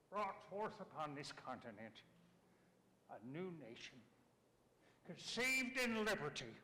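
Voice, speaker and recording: Man as a solemn frontier statesman; slow, high, bright delivery in an echoey hall. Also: exaggerated voice. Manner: solemn, with sweeping rises and falls. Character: earnest high-voiced male frontier statesman orator. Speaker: orator reciting a historic address. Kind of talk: ceremonial dramatic recitation. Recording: echoey hall with long reverb.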